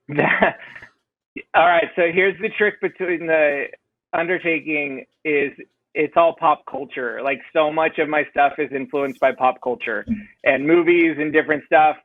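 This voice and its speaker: A man's voice: a little high, steady tone, a little slow, no room sound, narrow, tinny audio. A man being interviewed on a podcast as a band vocalist, talking in a rambling, self-deprecating way with many fillers. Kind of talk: casual interview chat.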